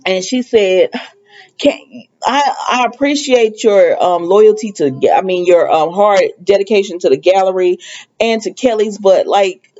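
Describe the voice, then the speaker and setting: A woman chatting through a casual TV show recap, animated and laughing between sentences. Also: medium pitch, moderate pace, dull audio. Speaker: TV show reviewer.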